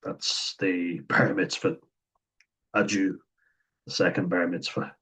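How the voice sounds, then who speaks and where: Irish man, deep voice, husky, casual commentary, blunt and chatty. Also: little pitch movement, slow pace, bright, forceful tone, poor audio. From Ireland. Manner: blunt, chatty, acts out quoted lines. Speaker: commentator reviewing a series.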